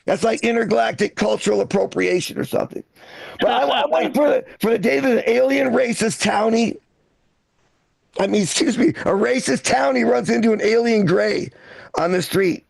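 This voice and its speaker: Gravelly high-voiced man doing stand-up. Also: moderate pace, no echo. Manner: brash joking banter with the crowd. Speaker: comedy show host. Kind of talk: stand-up comedy. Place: comedy club stage.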